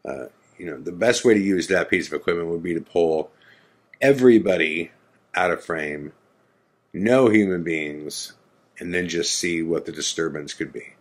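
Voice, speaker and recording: A man with a very low, deep voice tells a story in a loose, casual way. He rambles and fills pauses with frequent "uh"s and "you know"s, adding skeptical asides as he goes. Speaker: storyteller recounting a ghost hunt.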